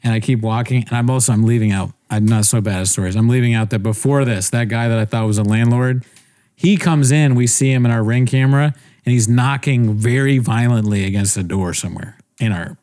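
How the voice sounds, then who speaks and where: A young man spins a loose, rambling tale on a casual podcast, his voice sitting at an ordinary middle pitch. He keeps cutting himself off and restarting, laughing along the way as he talks. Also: steady tone, brisk, mellow. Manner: rambling, self-interrupting, laughs often. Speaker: podcast co-host. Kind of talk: casual storytelling chat.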